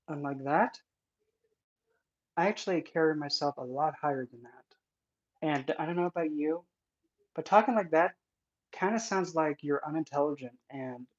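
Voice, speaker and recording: An occult content creator giving casual vlog commentary in an indignant, sarcastic manner. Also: mid-range voice. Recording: dull lo-fi recording.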